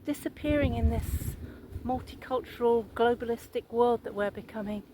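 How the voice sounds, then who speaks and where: A woman's voice: fairly high pitch, normal speed, warm tone, slight background noise, rough recording. A woman, talking casually to her viewers in a rambling, chatty vlog monologue and putting questions to them. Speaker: vlogger.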